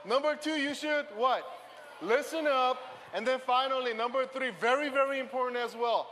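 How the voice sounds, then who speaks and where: A man giving an energetic call-and-response sermon to a family audience in a church hall. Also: very high voice, normal speed, slight background noise. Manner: energetic, call-and-response, switching between English and Korean. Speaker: youth pastor. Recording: long hall reverb, faint music.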